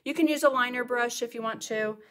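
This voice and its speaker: A woman's voice: a little high, a little fast, bright, forceful tone. A middle-aged woman teaching a live painting tutorial, chatty and talking to herself as she works. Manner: chatty, talks to herself while working. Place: home art studio.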